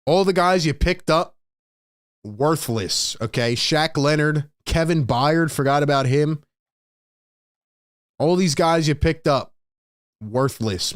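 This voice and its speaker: A man's voice: a little high, no echo. Ranting man on a dry mic. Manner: frustrated ranting, reading out chat comments. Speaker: sports podcast host. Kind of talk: live postgame fan commentary.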